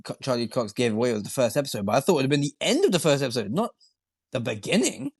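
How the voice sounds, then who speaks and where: A man's voice: mid-range voice, big pitch swings, rapid-fire, husky, dry recording, studio quality. A young man co-hosting a podcast, joking around with stumbling restarts and casual swearing. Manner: jokey, hesitant restarts, swears freely. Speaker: podcast co-host. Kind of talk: casual review chat.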